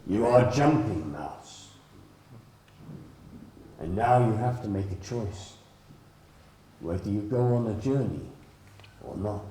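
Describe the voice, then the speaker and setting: A man voicing a calm, wise male frog who guides others, speaking in a low, measured way. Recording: roomy live hall.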